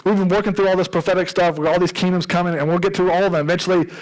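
A man voicing an eager male divine warrior who is excited about the battles ahead, in a raised, upbeat voice. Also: sits high, very fast, voice pushed up, natural voice, low-quality recording.

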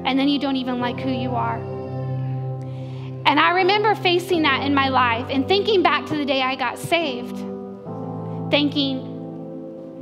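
A woman pastor preaching a sermon, telling stories in an animated way and acting out inner voices. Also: high voice, unhurried, long pauses. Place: church sanctuary. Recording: church hall reverb with soft music.

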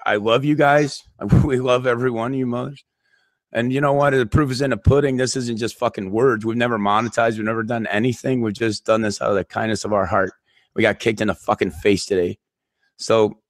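A man's voice: mid-range voice, fairly bright tone, dry recording, clean studio sound. A man hosting a live stream, upset and near tears, swearing constantly as he pleads with his viewers. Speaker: YouTube channel host. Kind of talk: emotional live-stream rant.

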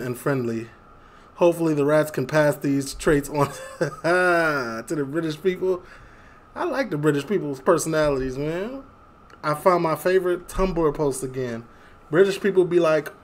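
A chatty young man, a reaction video host from Chicago, talks casually and laughs often as he reads memes out loud. His voice sits a bit higher than most men's. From Chicago, USA.

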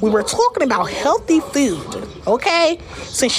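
A woman's voice: high voice, very animated, slow. A woman livestreaming to her viewers in a casual rant, combative and profane, who repeats words as she restarts her sentences.

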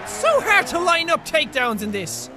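Shouty high-voiced gamer. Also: male voice, moderate pace, background noise. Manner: loud, excitable, frequent shouting outbursts. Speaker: gaming video host. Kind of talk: live gameplay commentary. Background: game music.

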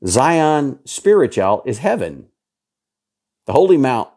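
Fifties guy preaching hard, lowish voice, big swoops up and down, keeps repeating himself. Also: lively intonation, a little slow, a little mellow. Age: 50s. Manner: emphatic, repetitive preaching with sudden pitch jumps. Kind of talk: sermon.

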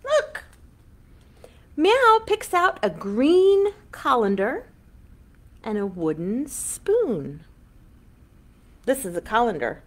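A woman with a high, bright voice leads a children's storytime, swooping up and down with big sing-song emphasis. She takes her time and reads slowly for little listeners. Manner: animated, exaggerated sing-song delivery for young children. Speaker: children's librarian hosting storytime. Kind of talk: online children's storytime read-aloud.

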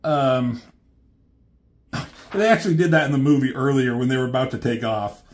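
A man's voice: medium pitch, normal speed, a little mellow. A man casually retelling a comic, rambling with many fillers and the odd swear word. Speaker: reviewer.

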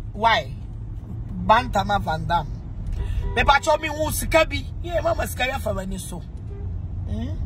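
A woman with a Ghanaian accent hosting a casual livestream, animated and teasing, pleading with viewers and swinging between laughter and mock crying. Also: a little high, noisy background. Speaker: livestream host asking viewers for money.

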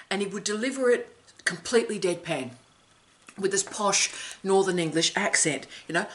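A woman's voice: mid-range voice, normal speed. A middle-aged woman hosting an academic advice vlog, speaking emphatically and theatrically with laughs between phrases.

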